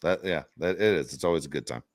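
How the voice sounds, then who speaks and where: A middle-aged man co-hosting a podcast, telling stories in a casual, animated way and laughing often. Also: rumbling low, quick pace, dry recording, clean studio sound. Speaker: podcast co-host. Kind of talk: casual chat.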